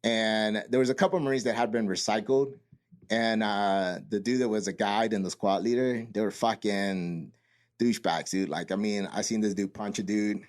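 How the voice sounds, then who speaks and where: A man's voice: fairly low pitch, fairly even intonation, normal speed. A man and Marine veteran telling a boot camp story in casual, profane podcast chat, acting out the quotes.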